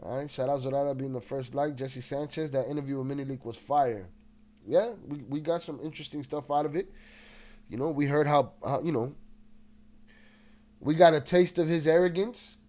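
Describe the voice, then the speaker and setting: A man's voice: a little high, moderate pace, dark tone. A man hosting a casual livestream, restless and agitated, swearing often and greeting chat members, with a slightly nasal voice. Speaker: livestream host.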